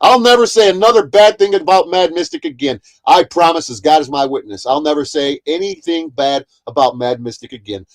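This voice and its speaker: A man's voice: a little high, brisk, few pauses. A man ranting heatedly on a livestream, profane and repetitive. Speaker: streamer. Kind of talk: angry livestream rant.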